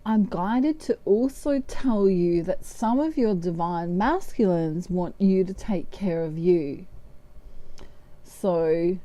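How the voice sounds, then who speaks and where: A woman's voice: medium pitch, warm tone. An Australian woman giving a casual, meandering tarot reading. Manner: chatty, meandering, breaks into humming. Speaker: tarot reader.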